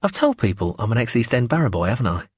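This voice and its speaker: A man's voice: medium pitch, big pitch swings, quick pace, slightly rough, no echo, studio quality. A man voicing a cocky, foul-mouthed male hustler in an audiobook, talking in a boastful, swaggering way. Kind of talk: audiobook character reading.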